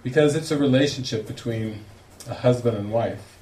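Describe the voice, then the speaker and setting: A man, a spiritual teacher, telling a lively story to a group and acting out the quoted lines with laughter. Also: mid-range voice, normal speed. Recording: echoey room, distant mic, faint noise.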